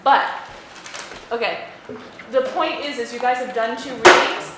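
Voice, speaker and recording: A woman teaching a class, brisk and direct, calling on students by name. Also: on the high side, fairly even intonation. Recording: echoey classroom with noise.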